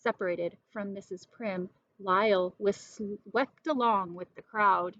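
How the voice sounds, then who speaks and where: A woman reading a children's storybook aloud in an expressive, lively way. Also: mid-range voice, slow, no echo, dull audio.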